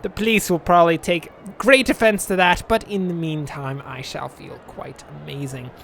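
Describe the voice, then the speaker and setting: Higher-pitched male streamer, playful and rambling, reading a text game with jokey asides. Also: normal speed, creaky, fairly bright tone, slight background noise.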